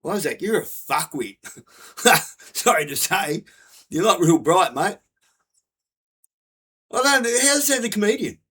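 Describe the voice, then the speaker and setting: Sweary ranting man, pitched high. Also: big pitch swings, slow pace, long pauses, bright, forceful tone, breathy edge. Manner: blunt, sweary, repetitive. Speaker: vlogger. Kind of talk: angry profane rant.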